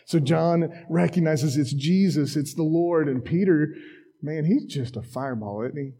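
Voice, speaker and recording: A man's voice: fairly high pitch, unhurried, dark tone, breathy edge. A man preaching a casual, conversational sermon in a church, with self-deprecating asides and acted-out quotes. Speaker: pastor.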